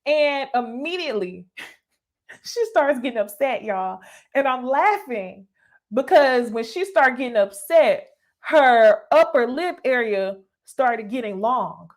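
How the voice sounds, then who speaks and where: Young woman, higher voice, casual reaction commentary, laughs a lot, blunt, profane, talks straight to viewers. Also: animated, takes it slowly. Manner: laughs often, blunt and profane, keeps adding "okay?"; addresses viewers directly as "y'all". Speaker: YouTuber reviewing a reality dating show.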